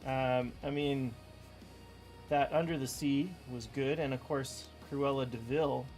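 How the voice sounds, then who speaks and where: A man's voice: mid-range voice, fairly even intonation, takes it slowly, darkish tone, faint music behind. A man casually chatting to viewers while opening trading card packs at home, playful and talkative. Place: room at home with fans running.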